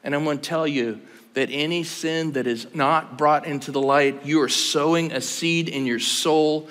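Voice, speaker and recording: A man's voice: a little high, fairly even intonation, normal speed, a bit bright. A man in his sixties preaching a conference sermon, telling stories animatedly and with humor. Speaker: pastor. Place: large conference hall. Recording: long hall reverb.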